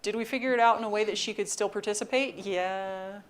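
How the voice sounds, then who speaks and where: Woman lecturer spinning funny campus stories, dry asides, mid pitch. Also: fairly quick. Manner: wry, animated anecdotes with deadpan asides. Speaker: university lecturer. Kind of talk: storytelling lecture.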